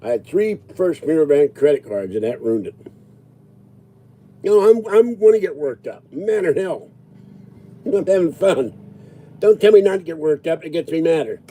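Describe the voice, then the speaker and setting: A man's voice: fairly high pitch, animated, normal speed, long pauses, mellow. A man in his sixties ranting casually to his viewers, agitated and rambling. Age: 60s. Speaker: livestreamer answering viewers.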